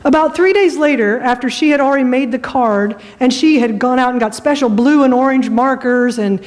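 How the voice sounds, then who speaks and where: A woman's voice: sits high, brisk, distant mic. Woman pastor preaching in an echoey hall. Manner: conversational storytelling, animated. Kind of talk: sermon. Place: church sanctuary. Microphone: microphone that cut out.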